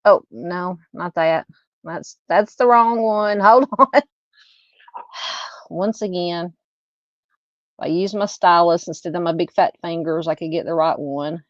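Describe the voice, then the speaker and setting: Woman, livestream host, chatty and warm with viewers, dry slightly dull audio. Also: fairly low pitch, unhurried, pauses often, no room sound. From Southern United States. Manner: chatty, greets viewers by name, laughs at her own fumbles. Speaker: true crime livestream host. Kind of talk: casual livestream chat and case reading.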